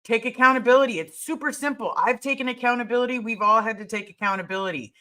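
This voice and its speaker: A woman hosting a casual livestream, talking straight to her viewers. Her voice is bright and forward, and she presses her points hard, repeating key words for emphasis. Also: a little high, fast talker. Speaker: livestream host answering viewer questions.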